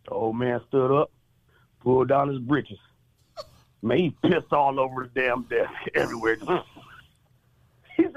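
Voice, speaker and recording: A man's voice: normal speed, gravelly, long pauses, highs cut off. A man calling in to a radio show and telling a long joke, acting out each character in the story. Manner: animated, plays each character with pitch jumps.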